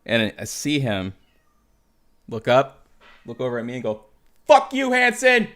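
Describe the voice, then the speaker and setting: A man's voice: mid-range voice, unhurried. A man hosting a casual podcast, telling military stories with heavy swearing and frequent laughter. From United States. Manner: profane, animated storytelling with laughter. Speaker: podcast host. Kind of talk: casual storytelling chat.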